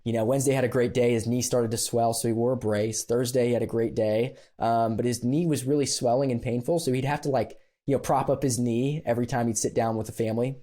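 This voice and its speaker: A man with a mellow, warm voice sits as a podcast guest and tells a story from his own life. He talks casually and animatedly, laughing often and scattering fillers through his sentences. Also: medium pitch, fairly even intonation, fast, hardly any pauses.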